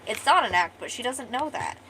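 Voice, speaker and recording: A woman's voice: a little high, lively intonation, brisk, sharp tone, slight background noise, rough recording. A young adult woman streamer retelling her own story in a casual, rambling way, with restarts and casual swearing.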